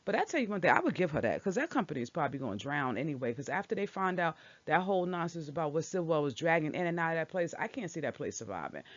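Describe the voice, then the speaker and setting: A woman's voice: deep voice, big pitch swings, fast talker, hardly any pauses, no echo. A woman casually recapping a soap opera episode, talking back at the characters with strong opinions. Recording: dull lo-fi dry recording.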